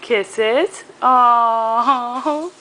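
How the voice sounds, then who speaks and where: A woman's voice: a little high, very slow, pushed and bright, slight background noise. A woman filming her baby at home, coaxing her in a sing-song baby-talk voice.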